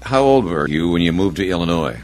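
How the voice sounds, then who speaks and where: A man's voice: low-pitched, expressive, brisk, darkish tone. A man interviewing someone for an oral history, asking short, plain questions.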